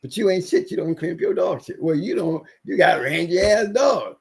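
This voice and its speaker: A man's voice: sits high, big pitch swings, normal speed, gravelly, breathy edge. A man who has been sick, ranting emphatically in a casual livestream chat, repeating himself for weight. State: recovering from illness. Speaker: livestream guest.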